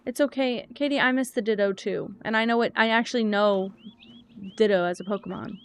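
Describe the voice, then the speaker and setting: A young woman streaming a cozy game and chatting as she plays. She rambles from one thought to the next, thinks aloud and answers chat, with the odd filler and a medium-pitched voice. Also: brisk, smooth. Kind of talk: casual gaming stream chat.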